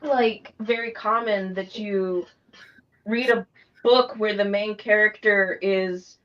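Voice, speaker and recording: A woman's voice: mid-range voice, steady tone, slow. Casual female co-host, swears, giggles, slightly muffled sound. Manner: casual, swears, laughs a lot. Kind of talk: casual chat.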